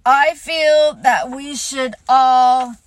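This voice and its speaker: Woman voicing a mournful old donkey, pompous and self-pitying, slow and measured, storybook reading. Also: high-pitched, steady tone, no room sound.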